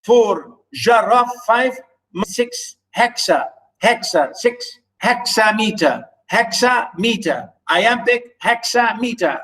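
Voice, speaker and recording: Man, teacher, poetry lesson, high voice, unhurried, halting, counts syllables. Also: lively intonation, a bit bright, poor audio. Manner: halting, chants stress patterns syllable by syllable; many fillers and restarts while explaining.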